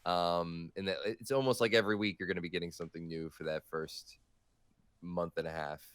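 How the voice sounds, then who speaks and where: A man's voice: low voice, fairly even intonation, a little fast, smooth, dry recording. A man speaking as a guest on a gaming podcast in casual chat, hesitant and restarting often.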